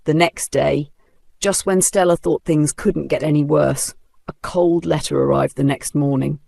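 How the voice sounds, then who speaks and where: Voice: mid-range voice, steady tone, measured pace, vocal fry, a little mellow, no room sound. A narrator telling a dramatic folktale in a vivid storybook style.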